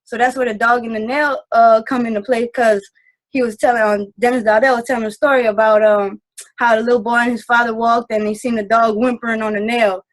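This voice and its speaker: A woman with a slightly high voice shares her takeaways on a video call. She speaks earnestly and loosely, often filling pauses with "um". The tone is casual and heartfelt. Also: level tone, low-quality recording. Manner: earnest, rambling, lots of fillers. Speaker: team member sharing takeaways.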